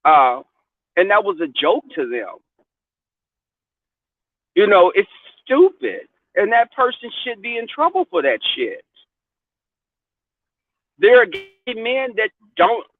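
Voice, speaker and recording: Casting: high-pitched man, blunt profane storyteller, dry close sound. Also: sing-song, unhurried, pauses often, no echo. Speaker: podcast host. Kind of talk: candid casual chat. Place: car. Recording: dry tinny phone-like sound.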